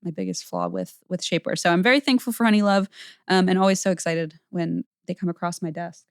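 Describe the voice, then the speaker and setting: A woman's voice: on the low side, expressive, fast talker, smooth, dry recording. Playful woman podcast host, dry sound. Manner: playful, laughs often, sing-song impressions. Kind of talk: casual chat and ad reads.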